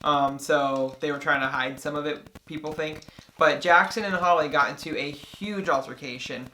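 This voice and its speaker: A woman's voice: sits low, normal speed, slight background noise. A woman co-hosting a casual recap chat, telling events in detail and acting out other people's lines as she goes. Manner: animated storyteller, acts out quotes. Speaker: podcast co-host.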